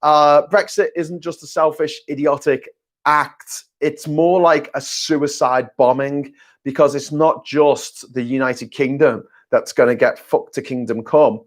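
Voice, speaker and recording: A man's voice: fairly high pitch, fairly even intonation, unhurried. A man, hosting a casual live chat, reading viewer messages and talking bluntly and sarcastically, with plenty of swearing. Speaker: host.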